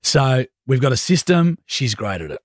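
A man's voice: mid-range voice, big pitch swings, moderate pace, no echo, studio quality. A young Australian man co-hosting a radio show, telling a joking story in casual on-air chat. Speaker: radio co-host.

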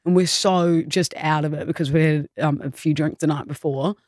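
A woman's voice: low voice, normal speed, no room sound, studio quality. An Australian woman co-hosting a radio show, telling an anecdote in casual banter and laughing as she goes. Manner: animated storyteller, laughing through her own anecdote. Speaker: radio co-host.

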